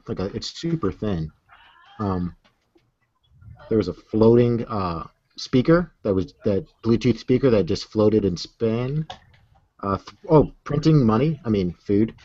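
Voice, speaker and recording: A man co-hosting a casual chat, rambling and hesitant as he talks through news. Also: lowish voice. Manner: rambling, hesitant, lots of ums. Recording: dull lo-fi audio.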